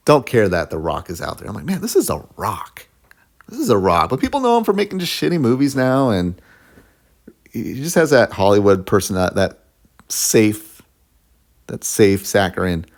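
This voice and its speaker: A man, a YouTuber, ranting casually to camera in a blunt, sarcastic way, laughing at his own jokes. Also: deep voice.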